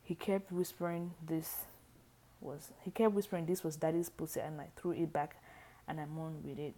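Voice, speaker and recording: A woman reading a book aloud, halting and often restarting lines. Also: sits low, level tone, mellow. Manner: halting, frequent restarts and stumbles. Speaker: reader.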